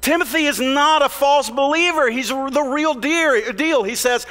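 Bright high-voiced man preaching in a reverberant hall. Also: lively intonation, normal speed, few pauses. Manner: earnest, plain-spoken preaching with conversational asides. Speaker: pastor. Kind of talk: sermon. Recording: long reverb of a large hall.

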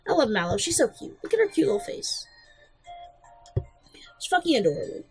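A woman's voice: high voice, very animated, fairly quick, pauses often, a little mellow, faint music behind, low-quality recording. A woman giving casual, blunt gameplay commentary, joking and swearing freely. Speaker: let's play host.

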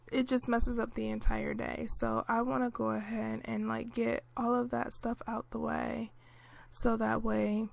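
A woman narrating her life-simulation gameplay in a relaxed, chatty way, with lots of fillers, clearing her throat now and then. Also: fairly high pitch, dry recording. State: clearing throat, hiccuping and coughing. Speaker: gameplay commentator.

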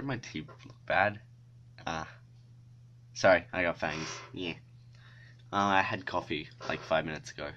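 A man's voice: deep voice, sharp tone, a little hiss or hum. A male YouTuber in casual vlog chat, self-mocking and swearing freely.

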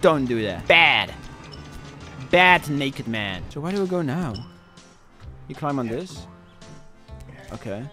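A young man commentating his own gameplay, excitable and swinging between panic and cocky boasting. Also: mid-range voice, takes it slowly, long pauses, faint music behind. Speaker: gaming streamer.

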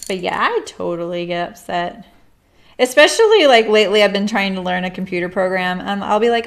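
A woman's voice: mid-range voice, expressive, brisk. Chatty, laughing woman sewing streamer. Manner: chatty and rambling, laughs often. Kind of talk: casual chat while sewing on a live stream.

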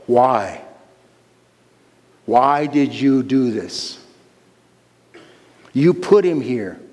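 An arrogant male heart surgeon, put on by a preacher telling a story, speaks in a curt, condescending way. He talks slowly and deliberately. His voice rings with the long reverb of a large hall. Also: mid-range voice, darkish tone, exaggerated voice. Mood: anguished.

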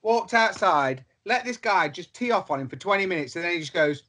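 A man co-hosting a podcast, chatting casually as an animated storyteller who swears freely and acts out the people in his stories. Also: high voice, a little fast, noisy background. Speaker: podcast co-host. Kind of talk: casual chat.

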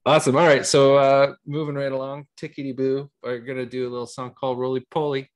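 A man leading songs for young children over a video call, friendly and quick to laugh. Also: mid-range voice, little pitch movement, slight background noise. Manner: friendly, laughs easily, chatty fillers. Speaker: early years facilitator. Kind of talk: children's singalong, casual.

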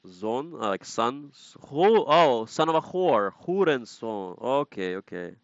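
A man's voice: medium pitch, expressive, measured pace, gravelly, no room sound, lo-fi sound. A man streaming a game, casually chatting and playfully repeating foreign words to practice them. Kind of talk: casual gaming live-stream chat.

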